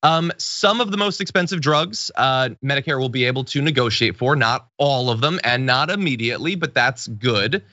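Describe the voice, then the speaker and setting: Male political commentary host, wry and sarcastic; bright, forceful tone, dry studio. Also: mid-range voice, animated, normal speed, few pauses, dry recording, lo-fi sound.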